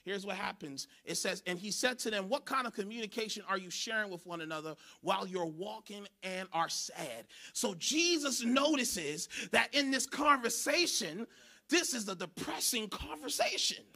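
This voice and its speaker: A man preaching a sermon in church, animated and shouting for emphasis. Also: sits high, normal speed. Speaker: pastor.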